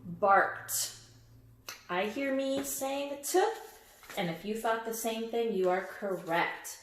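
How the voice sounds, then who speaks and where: A woman's voice: fairly high pitch, lively intonation, measured pace, roomy sound. A woman teaching a phonics lesson and reading a picture book aloud, patient and encouraging, stretching out word sounds for young listeners.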